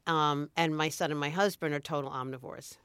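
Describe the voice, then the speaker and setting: Brief: middle-aged woman guest, low voice, relaxed and thoughtful, dry close sound. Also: brisk, clear, resonant tone, no room sound. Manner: thoughtful, restarts often, easygoing. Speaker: podcast guest, food blogger. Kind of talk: casual chat.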